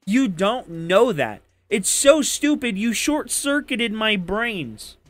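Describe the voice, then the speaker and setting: A man's voice: high voice, sing-song, slow, a bit bright, no echo. A man arguing politics heatedly, cursing and throwing insults at his opponent. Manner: angry, profane, insulting. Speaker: debate participant.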